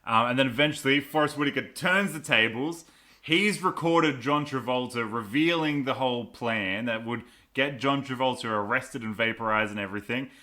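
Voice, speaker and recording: A man co-hosting a casual movie review podcast, with a bright, forward tone at an ordinary pitch. He is sardonic and laughs easily as he picks the film apart. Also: normal speed. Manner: sardonic, laughs often, breaks into mock voices. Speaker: podcast co-host.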